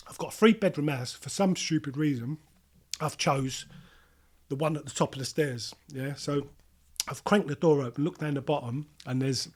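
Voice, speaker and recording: A man's voice: on the high side, a little mellow. A middle-aged man tells his story in a casual interview. He keeps restarting his sentences and repeating himself, and he acts out what others said as he goes. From London. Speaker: interview guest.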